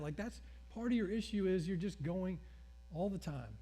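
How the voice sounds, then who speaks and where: A middle-aged male pastor preaching a sermon, telling stories with acted-out dialogue in an animated way. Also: high voice, fast.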